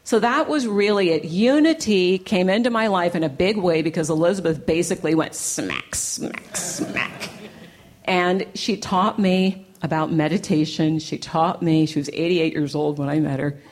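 A woman giving a lively talk to a church gathering, telling stories with playful, punchy repetition and plenty of animation. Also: lowish voice, moderate pace, hardly any pauses. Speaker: inspirational speaker. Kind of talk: storytelling talk to a live audience.

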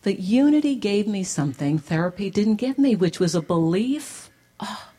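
A woman speaks before a live audience, animated and playful. She leans on repetition for punch. Her voice sits in a middle register for a woman. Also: mid-range voice, normal speed. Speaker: inspirational speaker. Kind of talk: storytelling talk to a live audience. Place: church gathering.

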